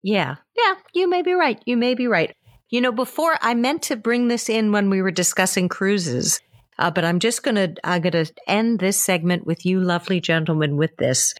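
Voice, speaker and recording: A woman hosting a travel talk show, telling stories in an animated, expressive way in casual chat. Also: moderate pace, no room sound, studio quality. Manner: animated, expressive storytelling with big swings in pitch. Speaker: radio travel show host.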